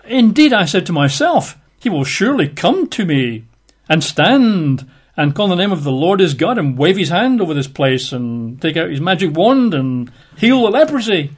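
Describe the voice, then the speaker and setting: A man's voice: high-pitched, sing-song, normal speed, breathy edge, voice pushed up, heavily acted. A man doing a furious proud army commander. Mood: indignant. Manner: indignant, spluttering outbursts.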